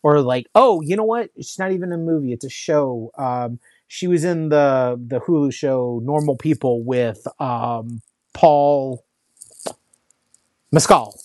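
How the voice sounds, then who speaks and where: A man's voice: medium pitch, slow pace, darkish tone, no room sound. Male co-host, loose rambling chat, filler-heavy delivery, dry room. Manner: rambling, lots of fillers and restarts. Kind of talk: casual chat.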